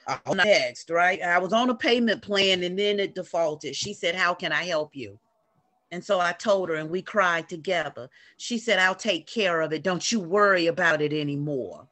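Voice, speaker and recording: A middle-aged woman telling a story in an animated, preaching way to a group on a video call. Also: fairly low pitch, normal speed. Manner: animated, preachy, uses y'all.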